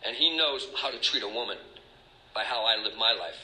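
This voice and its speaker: A man's voice: fairly low pitch, expressive, brisk, sharp tone. Middle-aged guy giving a confessional recovery talk, rambly and emotional, echoey hall sound. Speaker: recovery speaker. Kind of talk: personal testimony talk.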